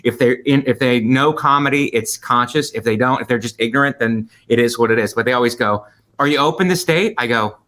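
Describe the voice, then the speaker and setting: A man co-hosting a comedy podcast, talking in a relaxed way, explaining things step by step and teasing his partner. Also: medium pitch, brisk, hardly any pauses. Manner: laid-back, explains step by step, playful teasing. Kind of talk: casual conversational chat.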